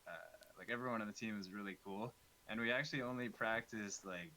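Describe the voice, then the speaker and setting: A man talking casually as a player from the other team, relaxed and laughing. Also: lowish voice, quick pace, a little hiss or hum, poor audio. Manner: laid-back, laughs. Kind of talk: casual chat.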